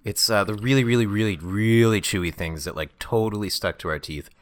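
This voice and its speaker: A man's voice: fairly low pitch, a little fast. A man co-hosting a podcast, chatting casually in a laid-back, wry way while tasting candy. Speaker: podcast co-host. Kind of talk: casual chat.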